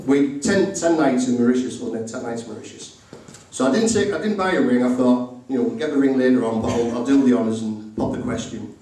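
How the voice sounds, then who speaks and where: A middle-aged groom with a medium-pitched, dark voice gives a funny wedding speech, playing both sides of each conversation. He's recorded from far off in a very echoey indoor reception room.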